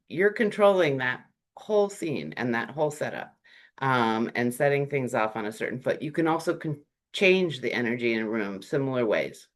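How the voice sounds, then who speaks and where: A workshop presenter speaking in a relaxed, conversational way, with frequent fillers and lively shifts in tone. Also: medium pitch. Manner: animated, acts out short quoted greetings; chatty, with frequent "um" and "like".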